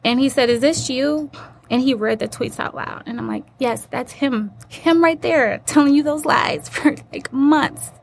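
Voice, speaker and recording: A woman with a fairly high voice tells her own story as an interview guest. She is earnest and acts out the people she quotes. Faint background noise sits under the voice. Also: unhurried, vocal fry.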